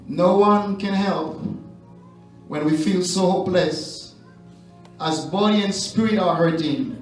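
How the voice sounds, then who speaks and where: Male pastor, Haitian accent, slow sermon swinging from sung shouts to hushes; recorded in a very reverberant hall, mic distant. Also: sits high, soft background music.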